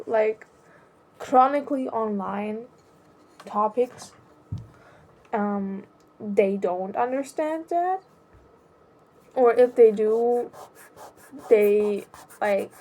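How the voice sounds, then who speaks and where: Slow, hesitant young woman vlogger. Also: a little high, dark tone. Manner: hesitant, halting, many restarts. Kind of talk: personal confessional monologue.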